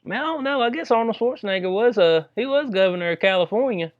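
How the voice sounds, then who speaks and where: A man's voice: sits high, animated, quick pace, dull audio. A man giving casual, rambling commentary on news stories, full of slang and frequent laughter. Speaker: political commentary vlogger.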